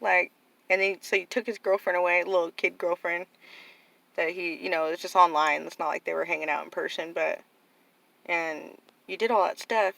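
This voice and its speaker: A woman's voice: lowish voice, creaky, fairly bright tone, no room sound, poor audio. Rambling woman telling a personal story. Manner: rambling, heavy use of "like" and "you know". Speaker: vlogger telling about her nephew. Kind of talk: casual personal storytelling to camera.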